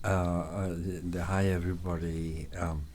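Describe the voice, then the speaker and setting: A man's voice: low voice, little pitch movement, moderate pace, a little mellow, a little hiss or hum. An English man with an English accent in casual podcast chat, rambling with many fillers and frequent swearing. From England. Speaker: podcast guest.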